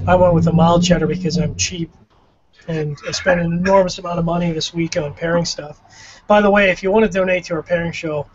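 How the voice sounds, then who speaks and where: A man with a Canadian accent co-hosting a casual tasting chat, musing and self-deprecating. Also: on the high side. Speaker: co-host of a cigar pairing show. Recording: dull lo-fi audio.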